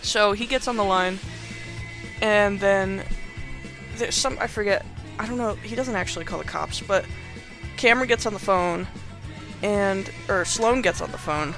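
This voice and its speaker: A man's voice: high-pitched, measured pace, music in the background. A young man hosting a podcast, casually recapping a movie in a rambling, filler-heavy, playfully sarcastic way. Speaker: podcast host.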